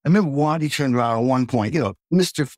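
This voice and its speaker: A man hosting a casual chat, an animated storyteller who acts out the voices in his anecdotes. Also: medium pitch, fast talker, no room sound, clean studio sound. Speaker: host, session drummer.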